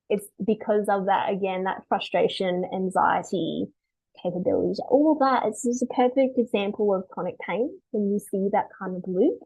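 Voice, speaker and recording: A woman dog behaviourist talking through a webinar, lively and chatty, acting out owners in quick quotes. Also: mid-range voice, gravelly, slightly rough, dull audio. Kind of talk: webinar talk.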